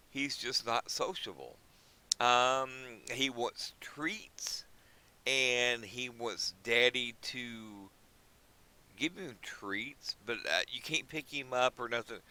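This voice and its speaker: Slow-talking man with a bright, sharp voice. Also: mid-range voice, lively intonation, low-quality recording. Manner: rambling, folksy, many fillers. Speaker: pet and fish-keeping channel host. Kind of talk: casual chat to viewers.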